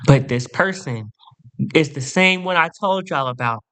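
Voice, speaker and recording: A man's voice: on the high side, normal speed, bright, forceful tone, clean tone. A man telling a profane, sassy storytime rant to camera as a vlogger.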